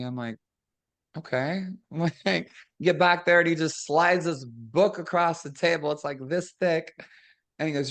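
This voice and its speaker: A hoarse middle-aged woman, a guest and former wrestler, telling animated stories and acting out the people she quotes. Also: sits low, moderate pace. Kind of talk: casual storytelling.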